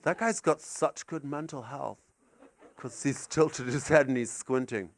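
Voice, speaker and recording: An older man does a rambling, absurd, sweary stand-up set at a live gallery gig, swinging between muttered asides and shouted rants. His voice is medium-pitched and a little slow, with a slight hiss or hum in the recording.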